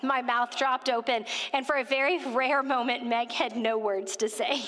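A woman telling a story in a sermon, animated and chatty, talking straight to the people in front of her. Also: fairly high pitch, moderate pace. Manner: animated, conversational, addresses listeners directly. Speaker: women's ministry speaker. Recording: reverberant hall.

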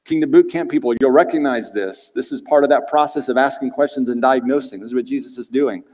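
A male preacher giving an expository sermon in a conversational, animated way, asking the listeners rhetorical questions. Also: medium pitch, fast. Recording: reverberant hall.

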